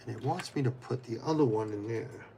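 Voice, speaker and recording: A man of middle pitch talks loosely on a live stream, circling his thoughts with false starts and fillers. He answers viewers by name, then drops into muttering to himself while he works with his hands. Faint noise sits behind him. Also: brisk, gravelly, warm tone. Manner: rambling, many restarts, answers viewers by name. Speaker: livestreamer. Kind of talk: casual live-stream chat while building.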